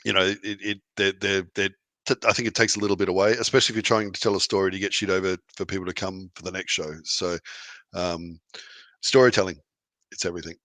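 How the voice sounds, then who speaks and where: A man's voice: deep voice, little pitch movement, quick pace, a bit bright, no room sound. A man, a wrestler guest on a podcast, talking in a rambling, easygoing way with many restarts. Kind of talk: casual interview chat.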